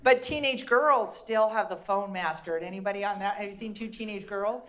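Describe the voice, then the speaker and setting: A woman's voice: mid-range voice, moderate pace, fairly bright tone. A woman doing a stand-up comedy routine, chatty and teasing the crowd with questions.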